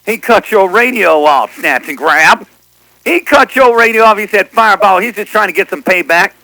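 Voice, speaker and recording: A man's voice: high-pitched, animated, normal speed, bright, forceful tone, no echo, poor audio. A man chatting casually as a CB radio operator, teasing others and repeating what they said on air.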